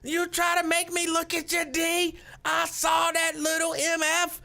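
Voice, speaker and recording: A man voicing a furious woman who screams and yells at a man she is chasing. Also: monotone, moderate pace, exaggerated voice. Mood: furious shouting. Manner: shrill yelling.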